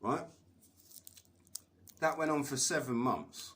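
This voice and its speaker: A man's voice: medium pitch, takes it slowly, a bit bright. Swearing man rambling on a live stream. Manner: swears constantly, laughs, rambling storytelling. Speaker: livestreamer.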